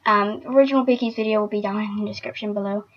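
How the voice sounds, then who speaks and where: A woman's voice: mid-range voice, steady tone, fast. A young woman vlogging casually, chatty and emotional, with lots of filler words. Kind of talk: casual fan vlog. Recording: dull lo-fi recording.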